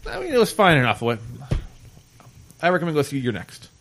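A man's voice: on the high side, huge pitch swings, a little fast, fairly bright tone, slight background noise. A man teasing his friends and giving a recommendation on a casual podcast. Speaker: podcast co-host.

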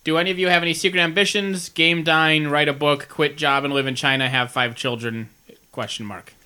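A man's voice: fairly high pitch, fairly even intonation, brisk, sharp tone, smooth. A man hosting a casual podcast, reading listener questions and joking with his friends. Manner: joking, teasing, laughs often. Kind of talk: casual chat.

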